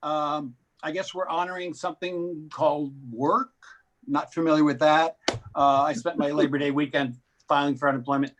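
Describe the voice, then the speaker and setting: A man's voice: on the high side, little pitch movement, moderate pace, noisy background. A man doing a stand-up comedy set on a live stream, with wry, self-deprecating delivery.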